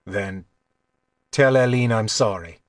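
A man voicing a young thief in his own voice, low, calm and dry-humored, in an audiobook. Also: takes it slowly, no room sound. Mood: wry. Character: young male thief, wry and quietly confident.

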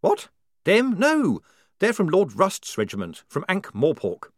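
A man, heavily acting and pitching his voice above his natural register, plays an eager, flustered young writer. His voice sits high with huge pitch swings and a measured pace, sounding breathless, pleading and fussy. The recording is dry and studio quality.

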